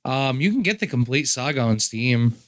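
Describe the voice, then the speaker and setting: A man's voice: medium pitch, lively intonation, moderate pace, no echo. A man co-hosting a gaming podcast, chatting casually, teasing and steering the talk with questions. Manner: joking, steers the topic with questions. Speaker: podcast co-host. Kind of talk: casual chat.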